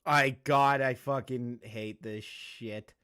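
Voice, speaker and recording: A man's voice: mid-range voice, steady tone, slow pace, sharp tone, clear, resonant tone. A man hosting a casual commentary video, ranting to his chat in a profane, sarcastic and exasperated way.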